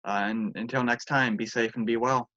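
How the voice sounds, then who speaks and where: A man's voice: medium pitch, fairly even intonation, normal speed, sharp tone. A man interviewing a fighter, asking casual questions in an upbeat, easygoing way. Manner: upbeat, easygoing, laughs along. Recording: dull lo-fi sound.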